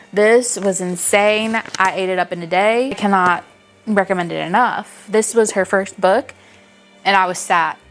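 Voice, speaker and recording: Animated young woman gushing about books. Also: on the low side. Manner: animated, gushing, swears casually. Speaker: book reviewer. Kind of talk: casual chat.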